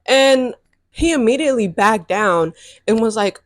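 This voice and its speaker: A young adult woman telling a dating story to camera in a sassy, animated way, laughing often and swearing freely. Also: fairly high pitch, unhurried, no echo, studio quality. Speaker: vlogger. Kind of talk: casual storytime chat.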